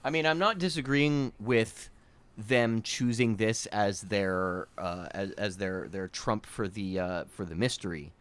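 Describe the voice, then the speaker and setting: A man co-hosting a podcast in casual chat, giving analytical critique and pausing with fillers while he searches for words. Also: fairly low pitch, a bit bright, clear, resonant tone. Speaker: podcast co-host.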